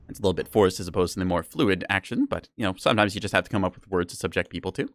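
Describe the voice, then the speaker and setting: This deep-voiced man talks fast, with a slightly bright tone on a dry recording. He's live-streaming a game, chatting casually and playfully with his viewers in a rambling, self-mocking style.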